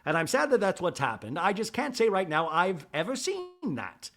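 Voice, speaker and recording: A man doing an impression of a poised reality-star woman, who gives measured, firm retorts. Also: high-pitched, wildly swooping pitch, fairly bright tone, voice pushed up, heavily acted.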